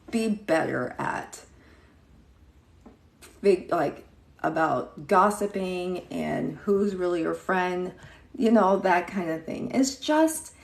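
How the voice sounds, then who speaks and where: A woman's voice: on the low side, gravelly. A woman in her thirties telling a story casually on a livestream, chatty, greeting viewers by name between sentences and acting out what others said. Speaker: livestream host. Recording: echoey room.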